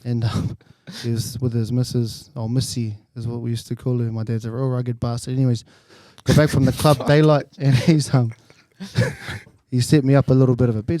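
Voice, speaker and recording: A man's voice: medium pitch, steady tone, fairly quick, dark tone, no echo. A New Zealand man in his twenties, co-hosting a podcast and telling a crude story with lots of laughter. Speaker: podcast co-host. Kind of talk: casual banter.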